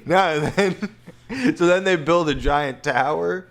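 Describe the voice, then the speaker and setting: A man's voice: fairly high pitch, takes it slowly. A young man co-hosting a casual podcast chat, joking, swearing and laughing often as he riffs on silly bits. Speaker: podcast co-host.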